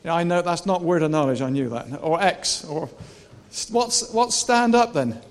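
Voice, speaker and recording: A male preacher giving a lively, animated sermon, swinging between soft, personal asides and repeated, shouted rallying cries. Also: fairly high pitch, moderate pace. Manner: animated, shouting and laughing with the crowd.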